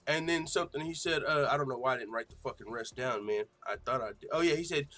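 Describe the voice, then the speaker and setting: A man hosting an MMA talk show, chatting casually with lots of swearing and sudden loud outbursts. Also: on the high side, fast, hardly any pauses. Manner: excitable, swearing, mimics quotes loudly. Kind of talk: casual profane commentary.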